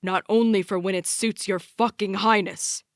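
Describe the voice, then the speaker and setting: A woman's voice: medium pitch, steady tone, moderate pace, darkish tone, dry recording, studio quality, close to an everyday voice. A woman reading the lines of a bitter middle-aged father who talks in a harsh, accusing way in an audiobook. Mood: yelling. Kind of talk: audiobook character voice.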